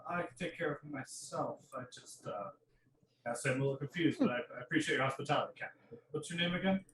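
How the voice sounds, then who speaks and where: A man's voice: on the high side, fast, a bit bright, echoey room, recorded from a distance, poor audio. A man playing a polite, hesitant passenger in a tabletop game, with stammered restarts. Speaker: player. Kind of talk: in-character roleplay.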